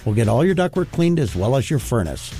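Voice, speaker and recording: A man's voice: mid-range voice, very animated, fairly quick, warm tone. A man reading a radio ad for his own business in a folksy, plain-spoken way. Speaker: business owner in an ad. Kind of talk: radio ad read. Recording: faint music bed.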